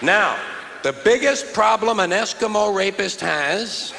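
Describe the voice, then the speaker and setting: Gravelly high-voiced male stand-up comic. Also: lively intonation, unhurried, a faint crowd. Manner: profane, sardonic, building to shouted punchlines. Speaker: stand-up comedian. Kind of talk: stand-up comedy routine. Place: theater stage before a live audience. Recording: echoey hall, audience laughter, noisy.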